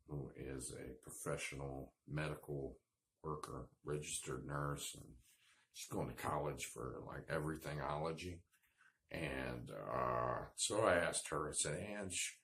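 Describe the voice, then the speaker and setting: A man's voice: extremely low pitch, unhurried, gravelly, a bit bright, slight background noise. A man telling a rambling, self-deprecating story in a casual vlog, with lots of fillers. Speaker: vlogger.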